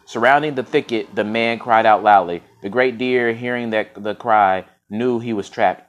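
A man's voice: lowish voice, moderate pace, lo-fi sound. A man reading a fable aloud for a podcast, often tripping over words and correcting himself, with casual slangy asides. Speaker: podcast storyteller. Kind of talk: story reading with casual commentary.

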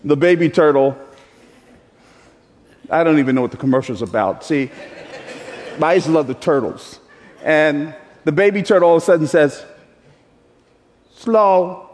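A man preaching a sermon as pastor, with emphatic delivery that leaps into high, animated voicing. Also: moderate pace, long pauses. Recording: echoey hall with long reverb.

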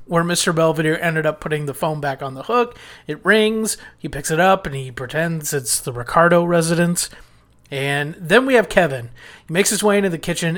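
Male reviewer with a slightly raised pitch, casual chatty recap delivery with restarts. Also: fairly bright tone. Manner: chatty, retelling scenes with quoted lines and small restarts. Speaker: sitcom episode reviewer.

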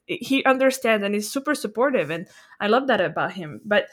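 A woman's voice: medium pitch, lively intonation, a little fast, slightly rough. A woman hosting a casual podcast chat, affirming her guest and chatty, with playful asides. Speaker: podcast host, coach.

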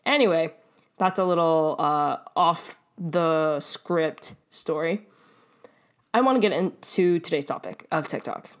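A young Canadian woman with a slightly low voice hosts her own podcast, chatting freely about her life. She rambles off on asides, laughs as she goes and swears casually. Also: a little slow. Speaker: podcast host. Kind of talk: casual solo podcast storytelling.

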